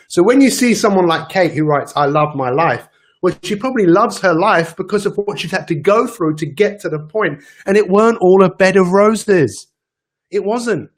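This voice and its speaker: A man giving an emphatic motivational daily talk as a coach, repeating his key phrases. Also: fairly high pitch.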